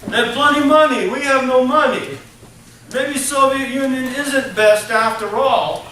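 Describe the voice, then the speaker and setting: A man's voice: very high-pitched, unhurried, bright, forceful tone, slight background noise, voice pushed up, heavily acted. A man doing a mock-Russian Soviet citizen. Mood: amused, questioning. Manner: broken English, dropped articles. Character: ordinary Soviet citizen, doubtful, starting to question. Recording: echoey classroom from far off.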